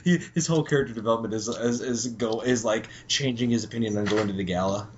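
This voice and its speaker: A young man co-hosting a podcast, chatting casually and profanely about a cartoon episode and acting out the characters in squeaky voices. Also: fast, a little hiss or hum. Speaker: podcast co-host. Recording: dull lo-fi podcast recording.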